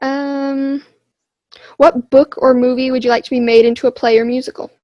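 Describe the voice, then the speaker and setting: A woman's voice: high voice, little pitch movement, normal speed, dry recording, lo-fi sound. A teenage girl and young actor chatting casually in an interview, bubbly and filler-heavy.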